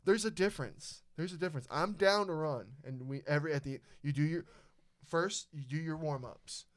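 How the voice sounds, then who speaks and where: A young man hosting a podcast, telling a story in casual chat, animated and swearing a lot. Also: on the high side, moderate pace. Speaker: podcast host.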